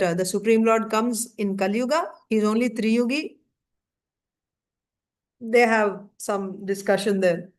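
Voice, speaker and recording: A woman with a slightly high voice teaches a scripture class. She retells a story conversationally, using lots of fillers and lively quoted asides.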